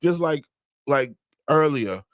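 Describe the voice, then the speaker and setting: Man, podcast co-host, calm, matter-of-fact, dry delivery, dead-dry close sound. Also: a little high, slow pace, no echo. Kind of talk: casual conversation with spouse.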